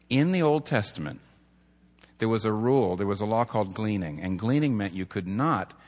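A man's voice: medium pitch, a bit bright. A middle-aged man, a pastor, preaching a sermon with earnest storytelling and numbered points. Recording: long hall reverb.

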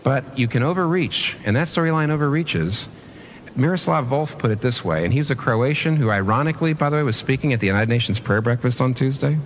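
Male pastor mid-sermon: expressive, swooping delivery, faint hiss behind. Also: mid-range voice, brisk. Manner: animated preaching with rhetorical questions and restarts.

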